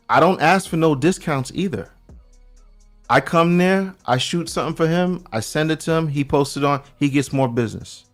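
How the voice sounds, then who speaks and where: A middle-aged man from Brooklyn, telling stories as a guest on a casual podcast. He talks in street slang and restarts his sentences a lot. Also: fairly high pitch. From Brooklyn, New York. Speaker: guest checking in from abroad.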